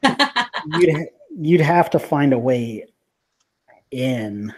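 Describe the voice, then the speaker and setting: A man's voice: a little high, big pitch swings, extremely slow. A man narrating as game master of a tabletop game, casual and hesitant with many fillers.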